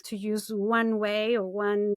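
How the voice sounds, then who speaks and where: A woman's voice: medium pitch, little pitch movement, slow, dry recording, studio quality. A woman guest on a podcast interview, explaining at length in a thoughtful way with fillers and restarts. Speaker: guest, language school founder.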